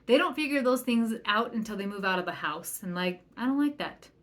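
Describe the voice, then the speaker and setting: A woman's voice: mid-range voice, brisk. A woman parenting coach talking through a solo podcast episode, earnest and chatty, acting out the lines of the people she quotes. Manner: earnest, chatty, quotes others in lively bursts. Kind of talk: casual solo podcast talk.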